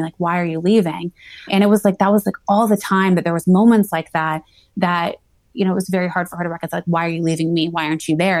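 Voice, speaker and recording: Woman guest in her thirties, chatty, lowish voice, dry close mic. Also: no echo. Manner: chatty, frequent "like" fillers and restarts. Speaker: guest, PhD student in psychology. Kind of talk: casual interview talk.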